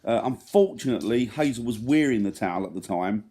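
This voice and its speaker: Man, 30s, casual vlog chat, rambling, self-deprecating jokes, mellow voice. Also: fairly low pitch, expressive, a little fast. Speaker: vlogger.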